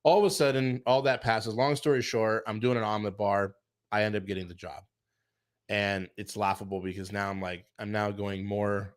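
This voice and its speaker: A middle-aged man telling a casual career story, animated, acting out quotes and saying "like" a lot. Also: fairly low pitch. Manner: animated, acts out quotes, many fillers like "like". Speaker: chef and show guest telling his career story.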